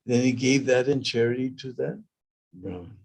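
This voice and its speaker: A male preacher tells a sacred story in a loose, conversational sermon. He checks in with listeners with a quick "hmm?" in a middle-pitched voice. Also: creaky, darkish tone, husky.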